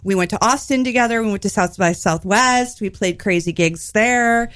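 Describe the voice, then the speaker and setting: A woman hosts a comedy radio show from a studio, rambling and joking as she chats. Her voice sits at an ordinary pitch. The sound is dry and close. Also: normal speed, fairly bright tone, dry recording. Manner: rambling, joking, many fillers. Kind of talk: casual comedy radio chat.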